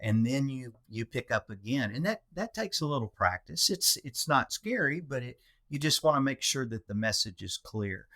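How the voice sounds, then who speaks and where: A man's voice: medium pitch, very animated, moderate pace, pushed and bright. A man with a North Texas accent co-hosting a podcast, talking in a folksy, easygoing way with Southern colloquialisms. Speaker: podcast co-host. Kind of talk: casual podcast conversation.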